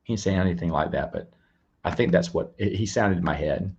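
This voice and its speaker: A man's voice: deep voice, fairly quick, vocal fry, darkish tone, slightly rough, highs cut off. Rambling man hosting a live stream. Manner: rambling, repeats words and restarts; chats to viewers and reads out donations. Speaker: live-stream show host. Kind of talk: casual live-stream chat.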